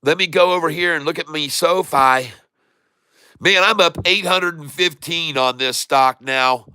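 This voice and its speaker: Folksy excited man, bright crisp voice. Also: medium pitch, no echo, clean studio sound. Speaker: stock trading livestream host. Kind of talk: casual live market commentary.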